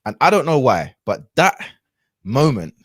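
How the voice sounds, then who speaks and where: A man's voice: medium pitch, sing-song, unhurried, fairly bright tone, dry recording, clean studio sound. A man, a podcast guest telling a personal story in a casual, reflective way with lots of fillers and restarts.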